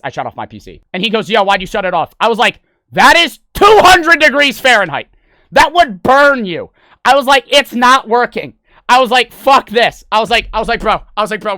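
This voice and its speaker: Brief: young male streamer, bright forceful voice, dry close sound, swearing and excitable storytelling. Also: sits high, no room sound. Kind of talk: animated storytelling vlog.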